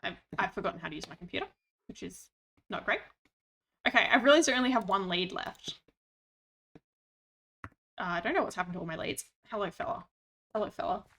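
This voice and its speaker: A woman's voice: medium pitch, expressive, fairly quick, long pauses, bright, forceful tone. A woman streaming a game, chatting playfully and reading out chat. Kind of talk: casual gaming stream chat.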